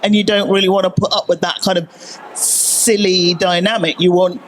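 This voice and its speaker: A woman's voice: fairly low pitch, level tone, normal speed, rough recording. A woman TV news presenter speaking confidently and assertively on a conference panel.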